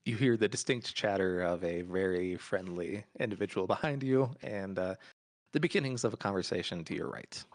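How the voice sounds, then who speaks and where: A man running a tabletop game as game master, relaxed and often laughing. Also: deep voice, moderate pace, no echo, clean studio sound.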